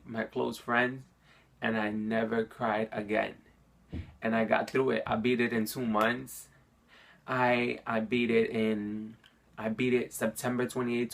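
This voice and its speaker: A man's voice: medium pitch, a bit bright. A young man telling his personal story to a phone camera, earnest and heartfelt, often repeating himself. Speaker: vlogger sharing his cancer story.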